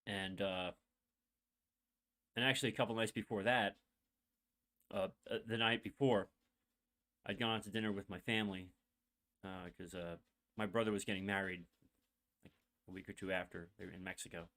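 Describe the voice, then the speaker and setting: Young man, low voice, rambling candid story, full of fillers, choked up. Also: steady tone, normal speed, long pauses, a bit bright. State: emotional, holding back tears. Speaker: podcast host. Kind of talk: personal storytelling monologue.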